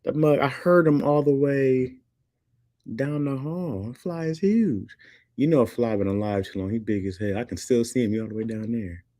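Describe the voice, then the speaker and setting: A man's voice: mid-range voice, normal speed, dark tone, no room sound, studio quality. A man hosting a livestream, joking loosely, laughing often and reading chat comments aloud.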